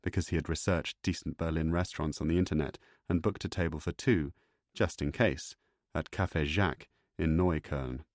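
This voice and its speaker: A man reading an audiobook thriller in a measured, even storytelling voice. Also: rumbling low, no echo, studio quality. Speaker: audiobook narrator. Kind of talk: scripted narration.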